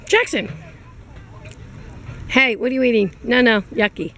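A woman's voice: a little high, unhurried, long pauses, a bit bright, slight background noise. A mother filming her toddler outdoors at a playground, coaxing him along in sing-song baby talk. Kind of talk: home video chat.

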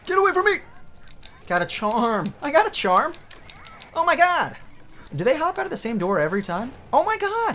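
A man streaming a video game, swearing and joking at the screen as he plays. His pitch swings widely, and his voice jumps up whenever the game surprises him. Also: fairly bright tone, a little hiss or hum. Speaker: let's play streamer. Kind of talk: profane gaming commentary.

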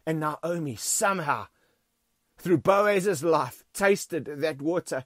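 A man's voice: fairly high pitch, animated, slow, a bit bright, no echo, studio quality. A man with a South African accent preaching a sermon in a church, emphatic and repeating key phrases, often calling the congregation friends. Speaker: pastor.

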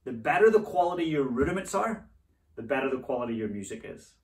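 Speaking fast in a sing-song, mid-range voice, a drum instructor coaches his students with encouragement and chants the rudiment syllables as they play. The room echoes, and he sits somewhat far from the microphone.

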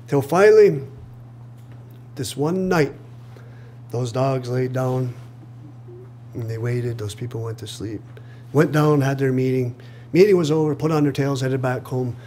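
A man telling a traditional story aloud to an audience in a lively way, acting out the voices and chuckling at his own jokes. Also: medium pitch, slight background noise. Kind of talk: live oral storytelling. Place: live reading event.

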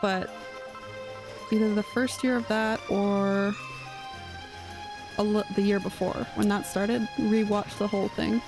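A woman's voice: mid-range voice, level tone, unhurried, pauses often, music in the background, rough recording. A young woman streamer chatting casually while she plays, rambling with lots of fillers. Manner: rambling, filler-heavy chat. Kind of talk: casual gameplay chat.

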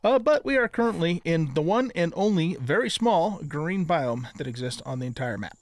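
A man's voice: a little high, expressive, normal speed, no room sound. Chatty older man narrating gameplay. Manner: chatty, frequent ums and restarts. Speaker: gaming YouTuber. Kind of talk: casual gameplay commentary.

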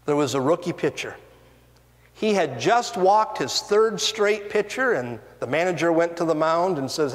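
Slow, lively preaching man in a church hall. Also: on the high side. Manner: earnest preaching, rising and falling emphasis, slow deliberate delivery. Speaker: pastor. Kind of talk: sermon. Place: church sanctuary. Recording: long reverb of a church hall.

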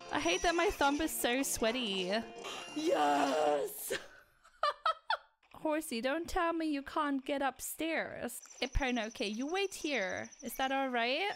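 Woman streaming a game, really slow drawn-out talk, swoops all over, lots of gasps and laughs, game music behind her. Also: sits high. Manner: excitable, gasping and laughing reactions. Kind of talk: let's-play commentary.

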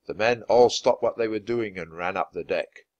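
A man reading a children's book aloud, with expressive, lively narration. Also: fairly low pitch, moderate pace, dry recording, lo-fi sound. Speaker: storyteller.

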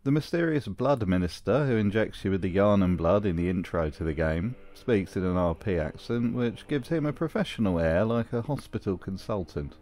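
Dry video essayist. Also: male voice, lowish voice, lively intonation, brisk, hardly any pauses, darkish tone. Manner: dry, wry. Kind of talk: scripted commentary.

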